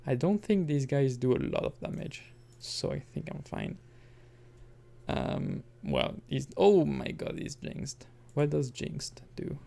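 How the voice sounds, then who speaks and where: Slow and gravelly, with medium pitch and a dark tone, this man narrates a let's-play in an easygoing way. As a gaming commentator he rambles, revises what he just said, and chuckles on the side.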